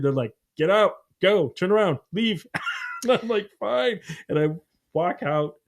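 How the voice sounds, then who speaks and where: A middle-aged man hosting a podcast, telling a family story in a lively, laughing way and briefly acting out the voices in it. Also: medium pitch. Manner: animated, laughing, acts out voices in his story. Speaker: podcast host. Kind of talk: casual storytelling chat.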